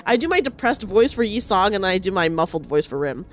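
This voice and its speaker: A woman's voice: medium pitch, expressive, fast. A woman streamer chatting casually and greeting viewers in a bubbly, upbeat way. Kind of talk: casual livestream chat. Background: faint game music.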